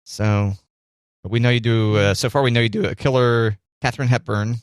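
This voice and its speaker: A man's voice: medium pitch, fairly even intonation, brisk, clear, resonant tone, dry recording, clean studio sound. A man co-hosting a radio show in casual banter, teasing and jokey, rambling a little.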